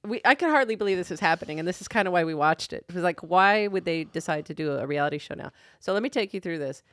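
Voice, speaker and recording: Giggly low-voiced woman co-hosting. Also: expressive, fast, fairly bright tone, dry recording, studio quality. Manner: giggly, chatty, laughs often. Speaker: podcast co-host. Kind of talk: casual chat.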